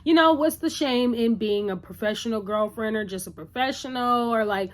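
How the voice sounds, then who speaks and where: A woman's voice: on the high side, moderate pace. A woman recapping a TV episode in a casual, chatty, opinionated way, full of "like" and "you know".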